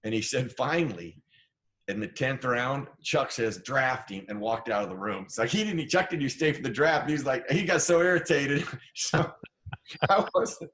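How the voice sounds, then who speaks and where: A man's voice: mid-range voice, moderate pace, a bit bright. A middle-aged man from Idaho, guesting on an interview show and spinning stories from his playing days. He talks casually and with animation, slipping into the voices of the people he quotes. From Idaho, USA. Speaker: guest, former football player.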